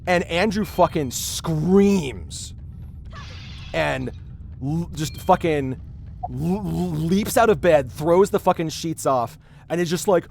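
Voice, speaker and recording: Rambling, animated male storyteller. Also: on the high side, slow pace, gravelly, slight background noise. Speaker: streamer host. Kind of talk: casual storytelling while streaming a game.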